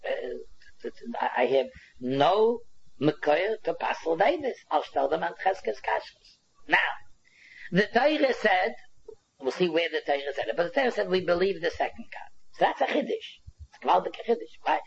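A man's voice: high voice, very animated, moderate pace, vocal fry, slightly rough, dull audio. A man giving a Talmud lecture, explaining animatedly and mixing in Yiddish and Hebrew terms, often restarting his words. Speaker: Talmud teacher.

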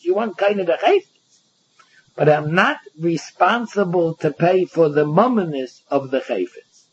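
Male Talmud lecturer, high-pitched and husky, animated, plays out both parties, lo-fi sound. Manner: animated, acts out both sides of the case. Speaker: Talmud teacher. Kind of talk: Talmud lecture in Yeshivish English. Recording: dull lo-fi recording.

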